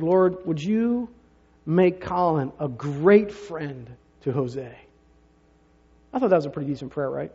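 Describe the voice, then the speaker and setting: A man's voice: fairly high pitch, darkish tone. A man preaching a sermon, telling stories in a conversational way with rhetorical asides to the congregation. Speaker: pastor. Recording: reverberant hall, dull lo-fi sound.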